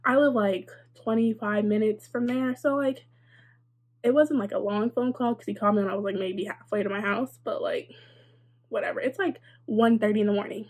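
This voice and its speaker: A woman's voice: medium pitch, a little fast, a little mellow. A young adult woman telling a casual storytime, chatty and sarcastic, with lots of "like" and wry asides. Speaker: vlogger.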